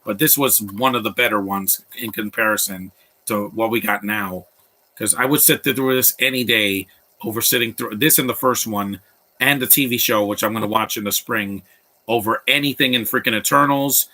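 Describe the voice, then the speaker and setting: Blunt, rambling man with a bright voice. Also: lowish voice, fairly even intonation, moderate pace. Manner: blunt and opinionated, rambling with restarts. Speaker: host of a live movie commentary stream. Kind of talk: casual live movie commentary.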